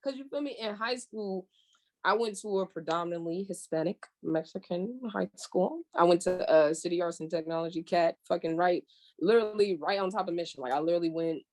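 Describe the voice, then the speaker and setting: Lively young woman from California telling a story. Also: fairly low pitch, brisk. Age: young adult. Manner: animated storyteller, swears freely, acts out her own past remarks. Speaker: podcast guest. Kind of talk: casual chat.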